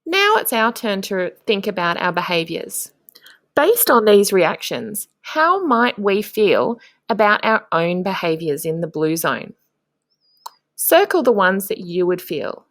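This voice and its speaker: A woman, a primary school teacher, narrating a lesson for young children in a slow, encouraging way with clear prompts to the class. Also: medium pitch, sing-song, fairly bright tone, no room sound, clean studio sound.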